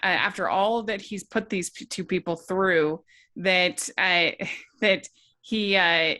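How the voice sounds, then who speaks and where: A woman's voice: lowish voice, fairly even intonation, takes it slowly, sharp tone, dry recording, studio quality. A woman hosting a review podcast in casual chat, talking through her points with frequent restarts. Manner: chatty, many restarts and "like" while reasoning out her critique.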